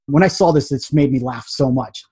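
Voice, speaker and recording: A man teaching a casual graphic design lesson, chatty and animated, acting out little quotes as he explains. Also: medium pitch, normal speed, breathy edge, no echo.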